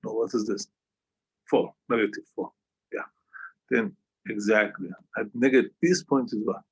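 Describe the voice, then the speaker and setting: A man's voice: on the low side, steady tone, measured pace, slightly rough, dull audio. A man teaching a calculus lesson over a video call, who keeps checking understanding with a questioning "yeah?". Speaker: math tutor.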